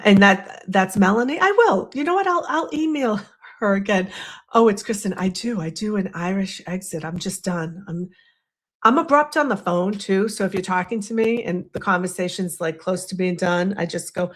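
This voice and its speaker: Chatty, self-mocking Boston woman, mid-pitched, rambling livestream host. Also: lively intonation, moderate pace. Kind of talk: casual livestream chat.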